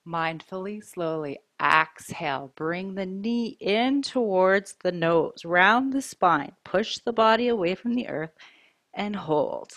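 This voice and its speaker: A woman teaching a yoga class, giving calm, mindful cues about breath and poses while wearing a mic. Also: lowish voice, no echo, clean studio sound. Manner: calm, slow, mindful cueing. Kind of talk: guided yoga class instruction.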